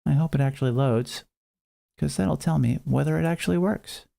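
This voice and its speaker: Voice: mid-range voice, normal speed, gravelly, dark tone. A streamer chatting with viewers and calling a marble race in a playful, hyped announcer style, now and then saying "meow". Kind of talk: live stream chat and playful race commentary.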